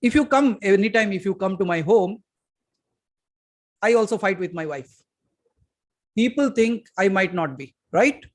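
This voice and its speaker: Man, Indian English accent, spiritual teacher, satsang talk, emphatic, loud-soft swings, questions to listeners. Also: high-pitched, expressive, a little slow, long pauses. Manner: addresses listeners directly with questions. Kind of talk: satsang talk to a live audience.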